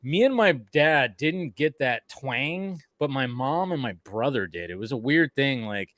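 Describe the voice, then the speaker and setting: A man's voice: medium pitch, animated, unhurried, fairly bright tone, dry recording, clean studio sound. A man from Alabama chatting on a film stream panel, rambling and swearing freely as he talks. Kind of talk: casual chat.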